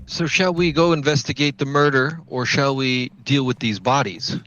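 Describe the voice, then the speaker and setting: Bright-voiced male player. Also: mid-range voice, moderate pace, dull audio, faint music behind. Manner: questioning, casual. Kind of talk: tabletop game play.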